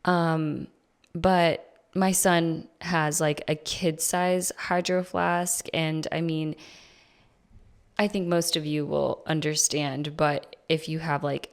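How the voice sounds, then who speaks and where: Groggy woman with a gravelly morning voice. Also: sits low. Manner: rambling, chatty, with fillers. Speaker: planner vlogger. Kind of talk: casual chat.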